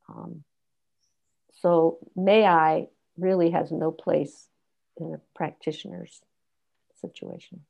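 A woman educator explaining a concept in conversation, deliberately teaching through example questions. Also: low voice, sing-song, vocal fry, darkish tone. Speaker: consent educator and guest. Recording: dull lo-fi audio.

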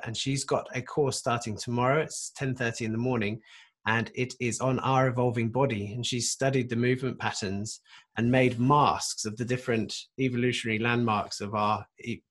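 A man with a mid-pitched voice hosts a webinar over a video call. He reads out dates and notices in a loose, halting way, with fillers between phrases. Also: fairly even intonation. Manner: loose, hesitant announcing with fillers. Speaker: webinar host.

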